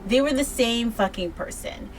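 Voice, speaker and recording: A woman's voice: on the high side, moderate pace, soft background music. A tipsy woman giving a casual book review, rambling and swearing freely, often restarting her sentences.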